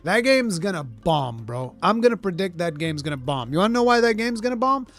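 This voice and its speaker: A man hosts a live gaming talk show with blunt, rambling and profane opinions. His voice sits a bit high for a man, and soft music plays in the background. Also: very animated, brisk. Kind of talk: casual gaming commentary.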